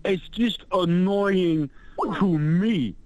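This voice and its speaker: A man's voice: high-pitched, very slow, a little mellow, dry recording, dull audio. A man calling in to a talk show, ranting bluntly in crude language. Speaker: caller. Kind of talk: phone-in rant.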